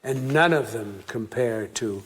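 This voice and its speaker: A man telling a lively anecdote and acting out the dialogue as he goes. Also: mid-range voice, unhurried, husky. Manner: lively, acts out quoted dialogue. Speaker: storyteller recalling a meeting. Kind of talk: anecdotal storytelling.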